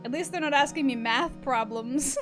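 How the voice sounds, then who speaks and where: A woman's voice: sits high, moderate pace. A young woman streaming a game, chatting casually, giggling and swearing freely. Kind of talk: casual let's-play commentary. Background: game music.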